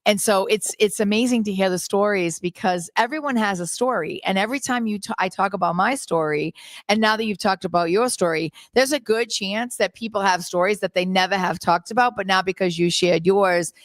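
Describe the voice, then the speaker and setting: A woman's voice: mid-range voice, fairly quick, dry recording, studio quality. A middle-aged woman hosting a radio talk show, chatty and meandering in her speech. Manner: chatty, meandering, many fillers. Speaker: radio host. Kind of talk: casual radio chat. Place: radio studio.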